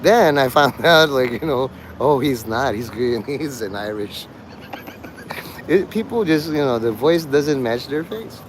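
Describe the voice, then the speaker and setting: A man's voice: medium pitch, expressive, unhurried, a little hiss or hum. A man rambling to his livestream chat, swearing, joking and laughing often.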